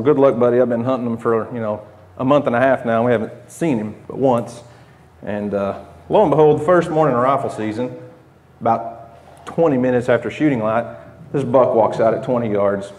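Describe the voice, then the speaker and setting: Speaking to the camera, a homesteading channel host in his thirties tells a casual, rambling story, restarting sentences and chuckling along the way. He's an American with an Oklahoma accent and a medium-pitched, slightly mellow voice.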